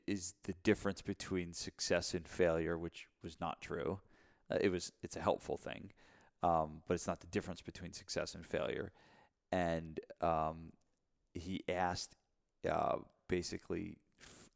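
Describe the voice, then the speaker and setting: A man's voice: low-pitched, vocal fry. A man co-hosting a podcast about running gyms, talking casually and rambling with lots of fillers and restarts. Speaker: podcast co-host, gym owner and mentor.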